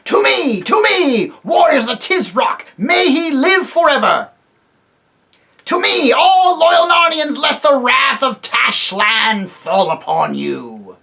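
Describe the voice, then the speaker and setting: A man voicing a proud, scheming warrior captain who shouts loud commands to rally his troops. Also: very high voice, sing-song, slow pace, creaky, pitched above the performer's own voice, exaggerated voice. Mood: rallying cry.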